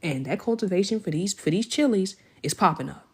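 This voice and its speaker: A woman hosting a casual livestream, chatting with viewers, thanking and shouting them out by name in an effusive, slangy way. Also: a little fast, breathy edge. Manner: jumps to high excited pitch when celebrating. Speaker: livestream host.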